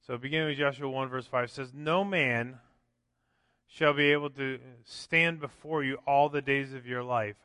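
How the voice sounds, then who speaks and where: A man's voice: medium pitch, bright, forceful tone, smooth, no room sound, studio quality, big-room sound. A man preaching a sermon as pastor, conversational, often tossing in "right?" and acting out quotes. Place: church sanctuary.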